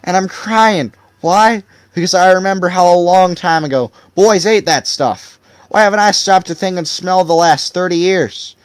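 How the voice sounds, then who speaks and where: A man's voice: a little high, sing-song, a little slow, no echo, pitched above the performer's own voice. A man voicing a tearful aging small-town barber who talks in wistful questions.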